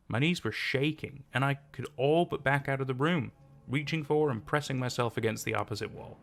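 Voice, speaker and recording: A man narrating a first-person horror story in a steady, measured reading. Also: mid-range voice, vocal fry.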